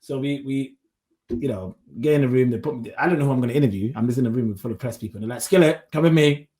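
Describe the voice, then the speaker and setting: Lively storytelling podcast man. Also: medium pitch, very fast. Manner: animated storytelling, acts out quotes. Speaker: podcast co-host. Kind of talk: casual chat.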